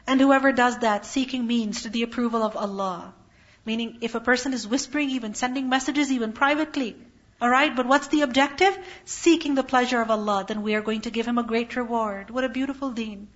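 A woman teaches a Quran commentary lesson in a highish voice at a brisk pace, on a dull lo-fi recording. She recites Arabic verses and translates them, posing rhetorical questions that she then answers herself.

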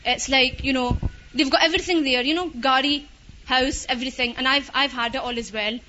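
A woman's voice: high-pitched, brisk, pushed and bright, muffled recording, slight background noise. A young woman with a Scottish accent giving a personal testimony in a chatty way, full of fillers and with Urdu words mixed in.

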